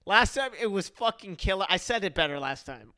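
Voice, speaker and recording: A young man with a bright, edgy, fairly high voice, heard close and dry on the mic. He co-hosts a casual podcast and teases his partner with quick jabs. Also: lively intonation, smooth, no echo. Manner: teasing, quick interjections and laughter. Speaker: podcast co-host.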